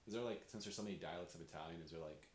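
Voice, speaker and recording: Deep-voiced man, quick rambling delivery full of fillers, casual podcast talk, roomy echo. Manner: rambling, heavy use of "like". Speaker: podcast host. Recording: echoey room with faint hiss.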